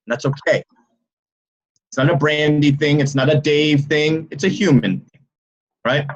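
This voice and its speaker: Energetic male business coach on a video call, loud storyteller with a habit of checking in. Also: fairly high pitch, normal speed, highs cut off. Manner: energetic storytelling with many "right?" and "okay?"; loud and animated, by his own account. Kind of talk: motivational talk on a video call.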